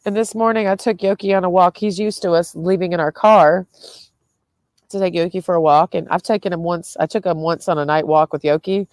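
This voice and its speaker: Low-voiced young woman vlogging casually. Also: steady tone, fairly quick, a little mellow, no room sound. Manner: chatty, swears freely, laughs often mid-sentence. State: tired with a headache. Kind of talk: casual rambling vlog.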